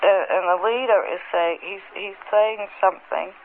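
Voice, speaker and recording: A woman recounting an experience under hypnosis in a halting, present-tense way, often repeating words, on an old archival tape. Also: medium pitch, steady tone. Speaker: hypnosis subject. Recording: tinny old archival tape with faint hiss.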